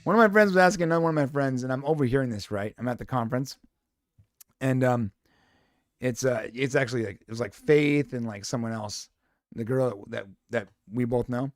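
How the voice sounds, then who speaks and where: A man's voice: medium pitch, a little fast, no room sound, clean studio sound. A man co-hosting a casual podcast chat, playful and rambling, laughing often. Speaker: podcast co-host.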